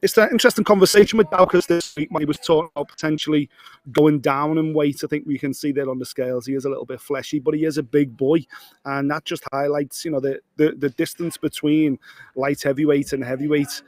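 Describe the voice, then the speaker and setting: Male pundit, fast talker, dead-dry close sound, bit higher voice. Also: steady tone, darkish tone, no room sound. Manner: measured analysis with frequent restarts. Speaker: co-host and fight pundit. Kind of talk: sports punditry.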